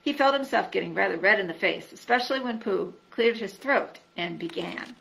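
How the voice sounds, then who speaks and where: A woman reading a children's storybook aloud in an expressive storytelling manner. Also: medium pitch, moderate pace, gravelly, a little hiss or hum, rough recording. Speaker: storybook reader.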